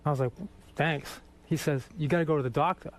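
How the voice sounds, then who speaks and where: A man from Boston, a guest in a radio studio, telling profane, animated stories with laughter. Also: a little high, a little fast. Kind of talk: casual storytelling interview.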